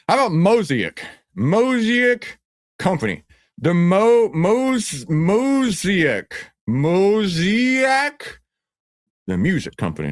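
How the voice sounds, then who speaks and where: A man's voice: fairly high pitch, no echo, studio quality. A man playing a brash, boastful stock-hype guru who talks in swaggering slang and rambles. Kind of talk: comedic character skit.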